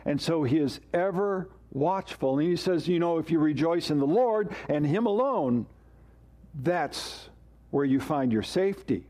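A man's voice: on the high side, darkish tone. A man preaching a sermon as pastor, emphatic and asking rhetorical questions.

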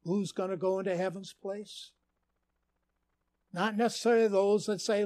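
A man's voice: high voice, fairly even intonation, measured pace, warm tone, dry recording. A man from Minnesota preaching a sermon as a pastor, telling stories earnestly with dramatic emphasis. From Minnesota, USA.

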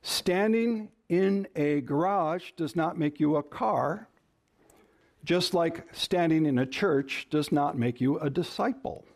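A male pastor delivers a sermon with a somewhat high voice. He preaches emphatically, slowing down and stressing single words to drive each point home. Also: creaky, darkish tone. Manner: emphatic, varies stress and pace for effect.

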